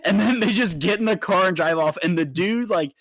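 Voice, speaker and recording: A young man co-hosting a podcast, telling a story in a casual, animated way and swearing freely. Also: high-pitched, brisk, no echo. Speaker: podcast co-host.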